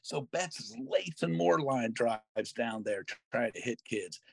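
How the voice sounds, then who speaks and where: An older man hosting a podcast, telling a long story in a lively, self-mocking way and slipping into other people's voices. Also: medium pitch, takes it slowly, creaky, a little hiss or hum. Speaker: podcast host. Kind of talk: storytelling in casual chat.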